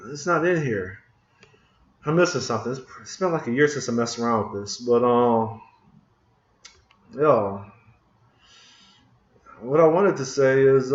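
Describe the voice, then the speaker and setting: Hosting a programming screencast, a man with a medium-pitched voice casually talks through code at his computer, grumbling to himself as he hunts for a missing tool. The room sounds spacious and the recording is muffled, with keyboard typing and clicking in the background.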